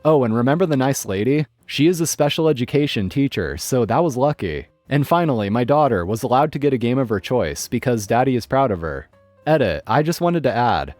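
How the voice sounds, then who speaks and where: A man narrating online stories in a scripted, expressive way. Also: mid-range voice, no room sound. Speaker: story narrator.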